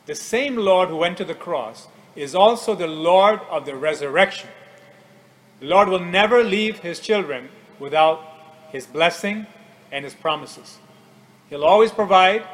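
A man preaching a radio sermon in an earnest, measured way, often quoting scripture. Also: a little high, expressive, fairly bright tone, poor audio.

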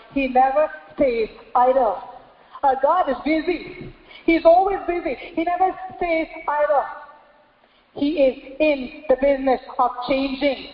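A woman pastor preaching a sermon, repeating phrases in a steady cadence and asking rhetorical questions. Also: high-pitched. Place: church hall. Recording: echoey church hall, slightly dull sound.

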